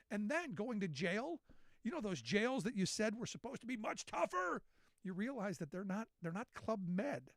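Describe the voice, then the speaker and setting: A man with a high-set voice hosts a talk radio show and rants about the news. He is sarcastic and animated, and his voice sounds close and dry on a studio mic. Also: dry recording. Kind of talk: political commentary monologue.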